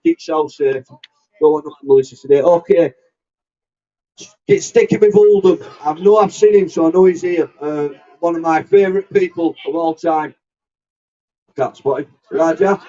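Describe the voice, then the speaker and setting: A man's voice: fairly high pitch, normal speed, mellow, distant mic. A man, organising a street demonstration and giving the crowd friendly, informal instructions. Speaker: rally organiser. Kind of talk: addressing a crowd outdoors. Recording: muffled lo-fi outdoor recording.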